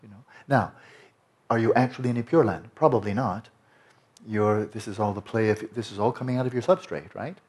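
Male meditation teacher with a lowish voice, giving a loose, conversational dharma talk full of restarts. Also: fairly quick, darkish tone. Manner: conversational, rambling with many restarts and "you know".

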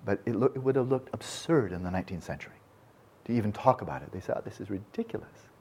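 A man's voice: on the low side, expressive, quick pace, darkish tone, husky. A man giving an informal, digressive lecture, often restarting his sentences and talking with enthusiasm. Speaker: speaker on Buddhism and science.

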